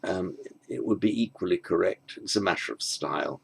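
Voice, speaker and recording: A man teaching a language lesson, working through translation exercises slowly and methodically, thinking aloud with pauses. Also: low voice, vocal fry, a little hiss or hum. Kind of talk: spoken grammar lesson.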